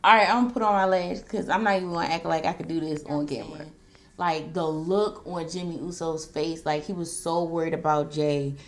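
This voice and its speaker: A woman vlogger telling a story in a casual, animated way as she does her makeup, acting out what the wrestlers said. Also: low-pitched, a little fast. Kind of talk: casual recap while doing makeup.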